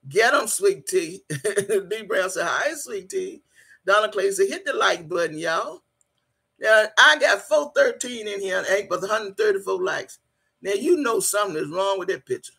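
Husky, playful woman hosting a livestream. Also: mid-range voice, lively intonation, a bit bright. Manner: playful and teasing, laughs often, drawn-out sing-song greetings. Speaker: livestream host. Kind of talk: casual livestream chat, reading viewer comments aloud.

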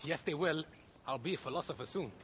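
An ambitious young would-be philosopher in a game, defiant and eager, rattling off his words fast. His voice sits a little high. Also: animated, a bit bright, breathy edge, exaggerated voice.

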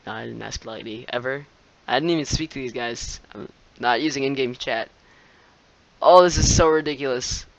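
Excitable young man commenting on a game. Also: mid-range voice, brisk, gravelly, low-quality recording. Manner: excitable, laughs often, shouts at opponents. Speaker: gameplay commentator. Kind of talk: live gameplay commentary.

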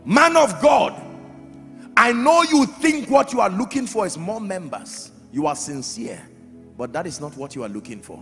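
A man preaching a sermon as pastor, emphatic, swinging from loud shouts to quiet drops. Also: sits high, big pitch swings, moderate pace. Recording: reverberant hall with faint music.

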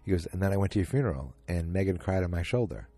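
A man with a deep, husky voice hosts a casual solo podcast. He talks in a loose, rambling way and keeps slipping in quoted lines and filler words. His tone is dark and mellow, with faint music underneath. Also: expressive, fast, no room sound. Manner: rambling, retells scenes with quoted lines, many ums. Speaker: podcast host recapping a TV episode.

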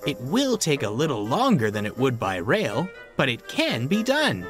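A man's voice: mid-range voice, wildly swooping pitch, normal speed, music in the background. A man voicing an earnest, flustered young male bus in a storybook reading. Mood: eager. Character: dependable young male bus, anxious and eager. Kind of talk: storybook narration.

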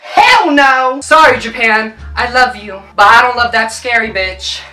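A woman YouTuber reacting to videos, screaming, swearing and exclaiming loudly, recorded in a roomy space with the mic at a distance. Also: a little high, animated, unhurried, noisy background.

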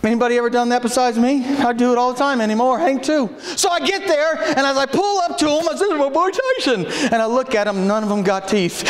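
Brief: man, pastor, very high voice, folksy stories and shouted calls, echoey sanctuary. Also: brisk, hardly any pauses. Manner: folksy storytelling with sudden shouted exhortations. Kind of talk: sermon. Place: church sanctuary. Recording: echoey church room.

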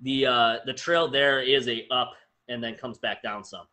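A man with a bright, forceful voice hosts a relaxed interview chat. He tells his stories with energy and laughs between lines. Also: medium pitch, a little slow, rough recording. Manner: lively storyteller, laughs often. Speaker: host.

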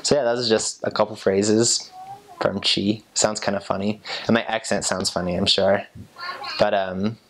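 Young american guy, deep low voice, halting casual explaining, laughs at himself a lot. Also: level tone. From United States. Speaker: interviewee.

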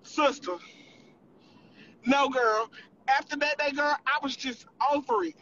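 A storyteller spilling gossip on a livestream, profane and animated, constantly calling the listener girl and boo. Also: high-pitched, measured pace, muffled recording, slight background noise.

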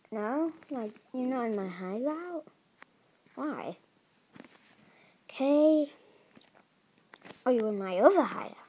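Young woman gamer, playful and excitable, unhurried delivery, slightly high voice. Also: slightly rough, low-quality recording. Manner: playful, excitable, talks to other players. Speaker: gaming video host. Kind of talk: casual gameplay commentary.

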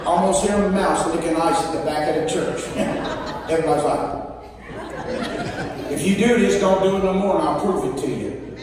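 A guest evangelist, a man, tells a humorous story in a church sanctuary and turns to tease the congregation. His voice sits a little high and bounces around a long-reverb hall. It is picked up from a distance with audible background noise. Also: normal speed, pauses often, crowd noise. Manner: joking storyteller, playful asides to the congregation. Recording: echoey church hall, distant mic, noisy.

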